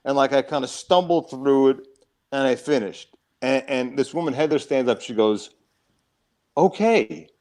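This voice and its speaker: A man, a comedy club owner, telling a lively story in casual chat and acting out the other voices. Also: medium pitch, normal speed, poor audio. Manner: animated, acts out quoted voices.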